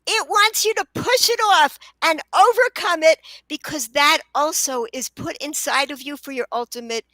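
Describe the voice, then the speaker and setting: A woman's voice: high-pitched, moderate pace, dry recording, poor audio. A middle-aged woman, a children's book author, talking earnestly as a podcast guest and sometimes tripping over her words in eagerness. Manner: earnest, stumbles and restarts when excited. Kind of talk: podcast interview.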